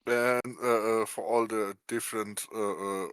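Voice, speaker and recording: A man's voice: lowish voice, steady tone, unhurried, a bit bright, smooth, no room sound. A man chats casually on a podcast, his voice dry and close to the mic. He strings together long explanations, padded with frequent "uh"s. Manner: many "uh" fillers, rambling explanations. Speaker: podcast co-host. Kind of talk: casual chat.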